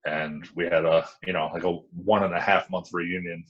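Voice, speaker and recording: A man's voice: deep voice, flat delivery, moderate pace, lo-fi sound. A man in his thirties, a former wrestler, recounting his career in a frank, rambling way as an interview guest. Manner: frank, rambling storytelling with many restarts. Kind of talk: casual interview talk.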